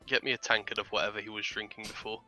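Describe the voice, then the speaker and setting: A man's voice: fairly low pitch, little pitch movement, very fast, pushed and bright, soft background music. A man voicing a skeptical, dry-witted male adventurer in a tabletop game. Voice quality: dry, cutting.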